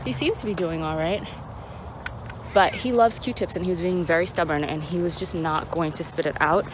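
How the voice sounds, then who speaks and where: A woman's voice: fairly low pitch, moderate pace. A woman chatting casually in a vlog while walking her dog outside, rambling with lots of fillers. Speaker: vlogger. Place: outdoors in a parking lot, walking a dog. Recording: noisy outdoor recording.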